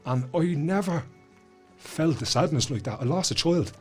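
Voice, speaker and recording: With soft background music in the studio, a Dublin-accented Irishman talks at a moderate pace in a fairly high voice. He's a guest author and school speaker, telling animated stories in casual podcast chat, bluntly and with plenty of swearing.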